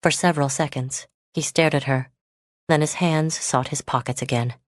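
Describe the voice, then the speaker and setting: A woman narrating a romance novel audiobook in a steady, measured reading. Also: sits low, no room sound, clean studio sound. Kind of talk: scripted narration.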